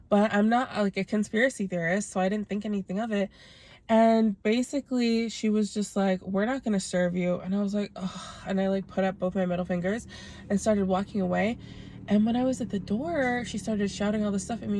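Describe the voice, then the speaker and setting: A woman's voice: mid-range voice, a little mellow, no echo. A young woman vlogger telling a long personal story in a chatty, casual way, full of "like" fillers.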